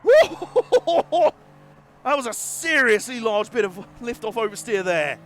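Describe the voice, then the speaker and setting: Brief: man, racing game streamer, high voice, excitable, laughs a lot, crude jokes. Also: moderate pace. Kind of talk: live racing gameplay commentary.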